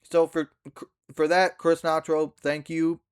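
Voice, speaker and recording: A man's voice: on the high side, little pitch movement, takes it slowly, clear, resonant tone. A young man ranting to camera about a wrestling match finish, swearing and acting out the scene in mocking mimicry. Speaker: backyard wrestler. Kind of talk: ranting vlog monologue.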